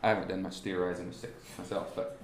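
A man teaching a class on musical timing, talking haltingly with many restarts and asking the students rhetorical questions. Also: deep voice, flat delivery, reverberant, a little hiss or hum. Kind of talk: classroom lesson on beat patterns. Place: warm indoor classroom.

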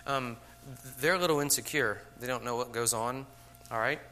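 A man with a bright, forceful voice gives a casual talk to a room of teachers. He keeps asking "okay?" and "all right?" and slips into little acted-out classroom moments. A faint hum runs under the recording. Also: mid-range voice, normal speed. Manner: frequent "okay?" check-ins, acts out classroom scenes. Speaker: teacher trainer. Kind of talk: conversational lecture to teachers.

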